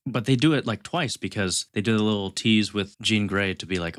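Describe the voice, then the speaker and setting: A man's voice: sits low, fast talker, few pauses, a bit bright, dry recording, studio quality. A man co-hosting a podcast, giving wry, joking commentary on a film in casual chat. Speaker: podcast co-host. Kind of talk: casual movie review chat.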